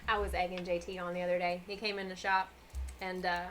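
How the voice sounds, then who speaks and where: A woman co-hosting a podcast in casual chat, an animated, teasing storyteller who laughs a lot. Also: lowish voice, fast talker. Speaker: podcast co-host. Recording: audible background hiss.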